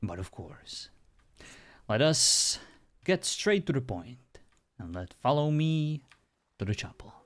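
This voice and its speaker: A man's voice: medium pitch, big pitch swings, slow pace, fairly bright tone, pitched above the performer's own voice. A man playing a pompous, gracious bishop in a role-play, speaking in a formal, stately way.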